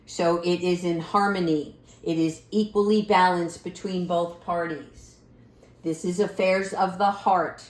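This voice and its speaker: Woman, middle-aged, tarot reader, gentle and encouraging, slow unhurried delivery, echoey room. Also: fairly low pitch. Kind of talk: spiritual card reading.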